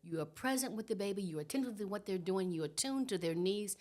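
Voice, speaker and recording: An animated woman in her sixties explains things in a relaxed teaching tone. She often checks in with her listener with a quick "okay?". She speaks at a middle pitch. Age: 60s. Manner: animated, tags points with "okay?". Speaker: guest trauma educator. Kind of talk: conversational teaching.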